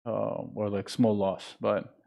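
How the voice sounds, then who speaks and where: A man's voice: fairly low pitch, level tone, slow, gravelly, mellow. A man from Jordan, a market analyst hosting a live trading stream, talking casually and thinking aloud with fillers.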